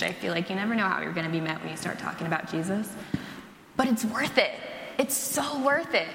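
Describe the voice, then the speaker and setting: A young church worker with a high, pushed, bright voice preaches and tells a story from her own life, casually and chattily, leaning heavily on "like." The recording is in an echoey hall with slight background noise.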